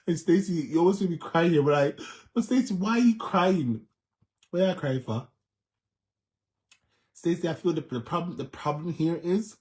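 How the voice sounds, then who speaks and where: A Jamaican man hosts a vlog in a slightly high, darkish voice, talking at normal speed with frequent pauses. His reaction commentary is animated and emphatic, and he repeats himself and laughs a lot.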